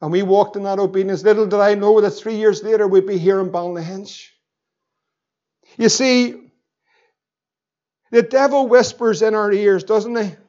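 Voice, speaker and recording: A middle-aged Northern Irish pastor preaching with fervour, pushing up into shouts at the peaks. His voice sits high for a man. The recording is dull and lo-fi. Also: steady tone, moderate pace, pauses often. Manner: impassioned, rising to shouts, acts out the devil's voice. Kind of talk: sermon.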